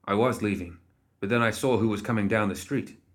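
An anxious, one-eyed young man, read by a male narrator in an audiobook. He sounds worried and pleading. The voice is fairly low. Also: fairly quick, natural voice.

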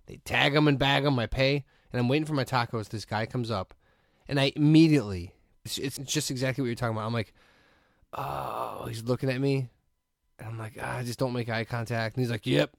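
A man's voice: mid-range voice, fairly even intonation, fairly quick, gravelly, dry recording, clean studio sound. A man co-hosting a podcast in casual chat, animatedly telling a story and acting out the people he quotes. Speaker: podcast co-host.

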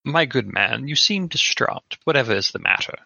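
Male player as a formal, awkward gentleman investigator; gravelly, dull dry sound. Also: medium pitch, animated, normal speed, no echo, heavily acted. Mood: concerned. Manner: formal, old-fashioned politeness. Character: proper, courteous investigator, awkward comforter.

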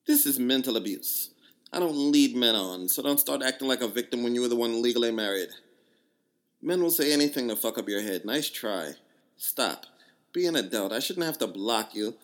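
A man's voice: mid-range voice, lively intonation, normal speed, natural voice. A man voicing a blunt, distrustful woman with a put-on Jamaican accent, reading out her curt, scolding text messages. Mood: indignant.

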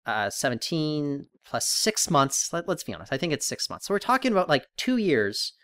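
A man's voice: a little high, big pitch swings, normal speed, a bit bright, smooth, no echo. Rambling male podcast co-host, dry sound. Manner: rambling, thinking aloud with many restarts. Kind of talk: casual podcast chat.

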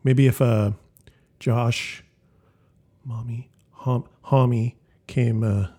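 A man's voice: medium pitch, fairly even intonation, very slow, warm tone, slightly rough. A man co-hosting a music podcast, talking casually and rambling with fillers and restarts. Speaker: podcast co-host.

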